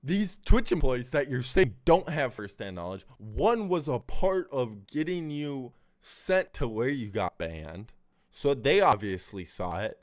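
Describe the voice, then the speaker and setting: A man's voice: mid-range voice, very animated, measured pace, a little mellow. A man streaming a reaction, angrily breaking down a clip and swearing constantly as he rants. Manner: angry, swears heavily, talks over the clip. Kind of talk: profane live reaction commentary.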